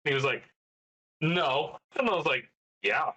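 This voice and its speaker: A man's voice: on the high side, expressive, unhurried, pushed and bright, breathy edge, muffled recording. A man from Utah, a podcast co-host, telling profane, joking stories in casual chat.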